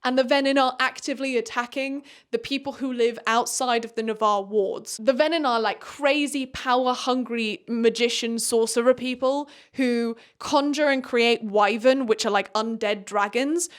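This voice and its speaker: A woman's voice: fairly high pitch, fairly even intonation, moderate pace, few pauses, clear, resonant tone. Chatty sarcastic woman recapping a book. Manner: chatty, sarcastic, dramatic asides. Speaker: book reviewer.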